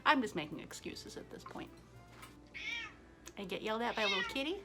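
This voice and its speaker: A woman's voice: medium pitch, animated, fairly quick, music in the background. A woman hosting a casual cooking vlog in her home kitchen, chatty and self-mocking, laughing often. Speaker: cooking show host.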